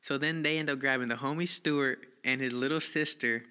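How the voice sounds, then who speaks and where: A man casually telling a childhood story, animated and profane, acting out the people he quotes in a raised voice. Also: medium pitch, brisk, clear, resonant tone.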